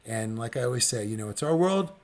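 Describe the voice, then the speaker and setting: A man's voice: medium pitch, expressive, fast talker. Earnest man rallying his listeners. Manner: earnest, rallying appeals with many fillers. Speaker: podcast host. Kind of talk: casual livestream podcast talk.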